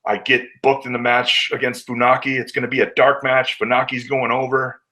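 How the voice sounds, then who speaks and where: A man's voice: mid-range voice, flat delivery, fairly quick, bright, forceful tone, poor audio. A man, a wrestler guest, telling candid stories in a casual interview, acting out what others said and swearing now and then.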